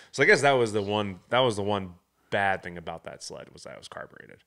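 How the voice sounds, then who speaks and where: Low-voiced man telling a story. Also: animated, fast, bright, forceful tone. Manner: storytelling, laughs often, acts out sounds. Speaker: podcast host. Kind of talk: casual chat.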